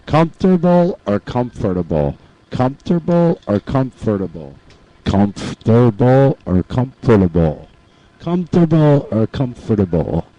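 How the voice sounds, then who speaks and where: A man's voice: mid-range voice, sing-song, unhurried, dark tone, highs cut off. A man playfully repeating the same question in a comedy skit. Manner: repetitive, playful.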